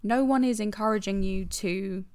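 A woman's voice: mid-range voice, normal speed, a little mellow, dry recording. A woman with a British accent co-hosting a podcast in casual, frank chat, swearing now and then. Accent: British English. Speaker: podcast co-host.

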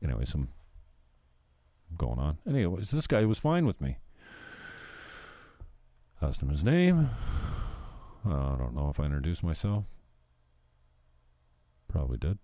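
A man's voice: a bass voice, huge pitch swings, measured pace, long pauses, mellow, no echo. A man ranting bluntly on a livestream, swearing and mocking people as he chats. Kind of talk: profane ranting chat.

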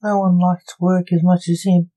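A woman's voice: on the low side, flat delivery, normal speed, warm tone, close to an everyday voice, low-quality recording. A woman voicing a sarcastic, jesting young male necromancer teasing his father in a read-aloud story.

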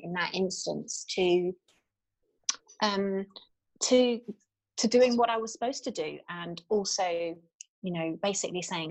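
A woman, a guest telling a personal story in an interview, candid and halting with frequent fillers and restarts. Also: on the low side, poor audio.

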